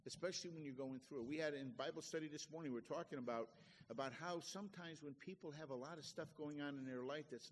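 Pastor, male, higher pitch, homely chatty preaching, recorded in a church with a long echo. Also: a bit bright. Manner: folksy, conversational preaching with homely asides. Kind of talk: sermon.

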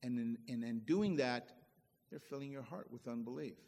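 A man's voice: mid-range voice, normal speed, darkish tone, big-room sound, a little hiss or hum. A middle-aged man preaching a sermon as pastor, folksy and emphatic, often restarting his phrases.

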